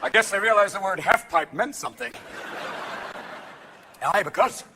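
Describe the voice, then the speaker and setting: A man doing a stand-up routine on stage, manic and profane, jumping between quick character voices and shouted punchlines. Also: sits high, lively intonation, gravelly. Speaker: stand-up comedian. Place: comedy stage before a live audience. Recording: live show with loud audience noise.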